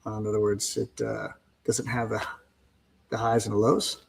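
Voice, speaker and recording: Husky fast-talking man on a podcast. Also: lowish voice. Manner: fast, animated storytelling with exclamations. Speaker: podcast guest, fence business owner. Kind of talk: casual podcast conversation.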